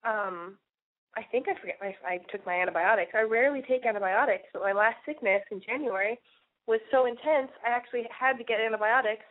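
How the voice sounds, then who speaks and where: A brash young woman hosts her podcast, her voice stuffed up and nasal from a cold. She rambles crudely, full of swearing and "like." Her slightly high voice comes through thin and tinny, as if over a phone line. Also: brisk. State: congested, sniffly and nasal from a cold. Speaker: host of a call-in podcast. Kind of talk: brash confessional monologue.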